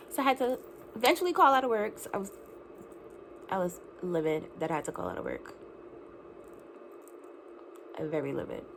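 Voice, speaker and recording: A young woman telling a storytime vlog in a casual, animated way, laughing often and saying "like" a lot. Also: medium pitch, a little hiss or hum. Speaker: vlogger.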